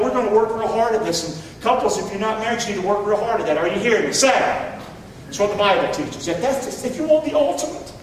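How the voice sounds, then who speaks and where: The voice is very high-pitched: a middle-aged man preaching as pastor, forceful in his emphasis and prompting the congregation to call back. It was recorded far off in an echoing church hall, with faint background noise.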